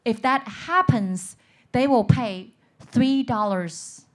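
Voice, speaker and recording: A woman's voice: a little high, slow pace. A woman from China, an insurance expert, speaking earnestly on a conference panel and telling stories. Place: conference stage.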